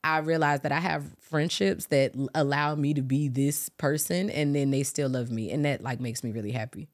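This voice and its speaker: Woman podcast host, low voice, expressive chatty delivery. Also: normal speed. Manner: expressive, animated, swears casually. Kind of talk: casual chat.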